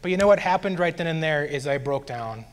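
A man earnestly sharing a personal faith testimony, growing animated as he recounts his frustration. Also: on the high side, fairly quick.

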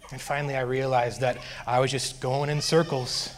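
Earnestly sharing his personal faith testimony, a man becomes animated as he describes his frustration. His voice is medium-pitched and his pace normal.

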